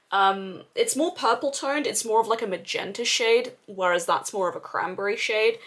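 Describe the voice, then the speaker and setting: A woman's voice: medium pitch, a bit bright. A young woman doing a casual makeup review, gushing and exclaiming with casual swearing. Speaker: beauty vlogger.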